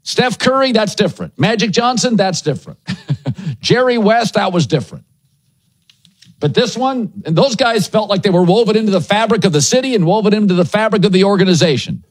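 A man's voice: high voice, animated, fairly quick, no echo. A man hosting a sports talk show, riffing in short, punchy, emphatic phrases and strong opinions.

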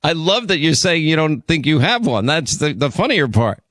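A middle-aged man hosting a call-in radio talk show, quick and conversational, stammering a bit when he defends himself. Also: fairly high pitch, expressive, fairly bright tone, dry recording, studio quality.

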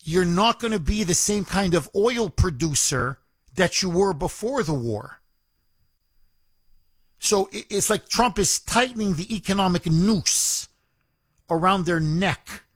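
High-voiced emphatic male radio host. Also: expressive, unhurried, breathy edge, dry recording. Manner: emphatic, repeats words for stress. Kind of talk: opinionated call-in radio talk.

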